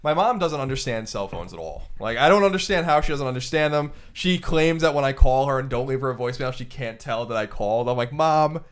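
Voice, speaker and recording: A man's voice: medium pitch, expressive, brisk, few pauses, clear, resonant tone. A man from Long Island, co-hosting a podcast in blunt, emphatic casual chat. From Long Island, New York. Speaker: podcast co-host.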